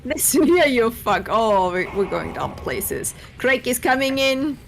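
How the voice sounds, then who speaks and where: A woman from Austria speaks with an Austrian German accent, chatting on a game stream in a somewhat high voice. She is blunt and teasing and laughs easily. Clear background noise runs beneath her voice. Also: big pitch swings, unhurried. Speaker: guest streamer. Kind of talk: casual chat while gaming.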